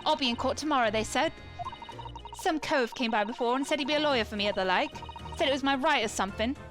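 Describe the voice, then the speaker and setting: A woman's voice: high-pitched, fast talker, pitched above the performer's own voice, close to an everyday voice. A woman voicing a tough, defiant street-urchin girl with a cockney accent, curt and prickly. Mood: bitter. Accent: London cockney, put on. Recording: game music behind.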